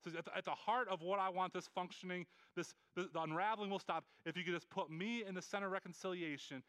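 Bright, high-voiced man preaching earnestly. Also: clear, resonant tone, no echo. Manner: earnest and pleading, with many quick restarts and repeated words. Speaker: pastor. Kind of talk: sermon.

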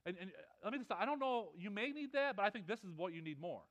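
Male preacher, high voice, animated, repeats words, loud swells and hushed drops. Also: fast. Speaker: pastor. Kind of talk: sermon.

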